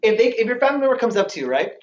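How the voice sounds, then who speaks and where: A man leads a motivational training session, speaking with lively energy and repeatedly quizzing his audience. He is heard from a distance in a roomy hall, and the recording sounds a little dull. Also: very high voice, very fast. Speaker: sales trainer.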